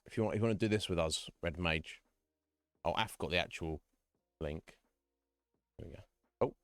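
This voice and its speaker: A man's voice: low voice, moderate pace, dry recording, clean studio sound. A man live-streaming from home, chatting casually with viewers in a frank, rambling way, often breaking into chuckles. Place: home room.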